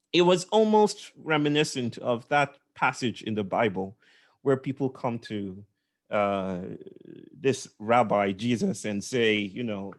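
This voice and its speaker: A man's voice: medium pitch, animated, measured pace. A man leading a session, telling a reflective story with repeated words, laughs and asides. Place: indoors.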